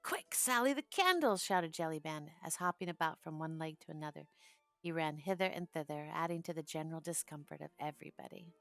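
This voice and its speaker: Low-voiced woman reading an audiobook. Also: flat delivery, a little fast, dry recording, faint music behind. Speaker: audiobook narrator. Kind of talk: audiobook narration of a classic novel.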